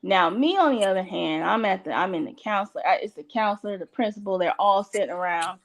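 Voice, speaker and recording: Middle-aged woman telling stories haltingly. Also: mid-range voice, muffled recording. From Chicago. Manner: halting, restarting sentences as she recalls events. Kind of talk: casual storytelling chat.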